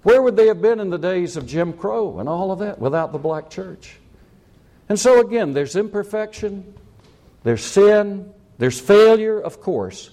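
An older man delivers a sermon with fervor, his voice pitched high and swinging widely as he presses rhetorical questions. He repeats key lines for emphasis and builds to emphatic peaks. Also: animated, unhurried, dark tone. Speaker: preacher.

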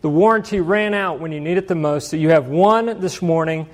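High-voiced pastor telling a story. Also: male voice, fairly quick. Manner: conversational, self-deprecating, chuckles often. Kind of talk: sermon storytelling.

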